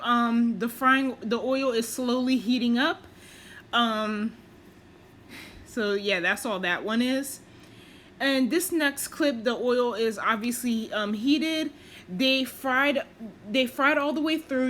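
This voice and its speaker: Speaking slowly in a fairly high, fairly bright voice, the woman narrates her cooking video casually, joking at her own expense and filling gaps with fillers as she walks through the steps. A little hiss or hum runs underneath.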